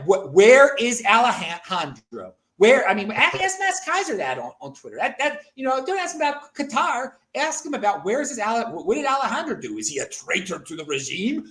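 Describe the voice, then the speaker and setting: American guy hosting, high voice, all over the place pitch-wise, keeps restarting. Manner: rambling, excitable, many restarts and stammers. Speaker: show host. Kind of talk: casual talk show chat.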